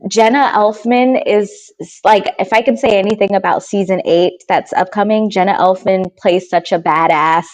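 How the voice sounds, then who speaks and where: A woman's voice: medium pitch, fairly even intonation, moderate pace, few pauses, darkish tone. Bubbly Midwestern woman guest. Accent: Midwestern American. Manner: bubbly, laughs often, full of "like". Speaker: television co-producer, guest. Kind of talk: casual interview chat.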